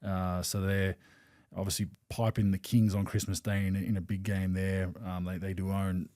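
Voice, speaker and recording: A man's voice: sits low, level tone, moderate pace, a little mellow, no echo, clean studio sound. A man with an Australian accent, hosting a podcast in casual chat, laid-back and trailing off. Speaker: podcast host.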